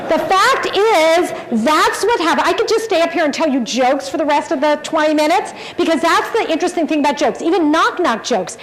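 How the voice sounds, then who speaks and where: Middle-aged lady with a high voice doing a keynote, keeps quizzing the crowd. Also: fairly quick, hardly any pauses, rough recording. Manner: engaging, asks the audience questions. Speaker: keynote speaker. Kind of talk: conference keynote talk. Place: large conference hall.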